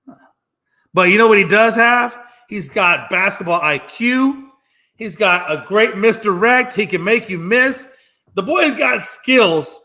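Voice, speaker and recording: This man's voice sits high with a sharp edge as he hosts his sports talk show solo. He rants emphatically and mockingly, saying lines again for effect.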